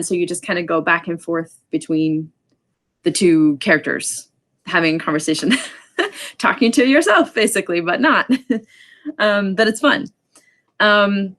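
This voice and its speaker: Low-voiced woman teaching a class. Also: fairly bright tone. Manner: explains with many ums and quick asides. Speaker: sign language teacher. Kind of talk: casual online class lecture.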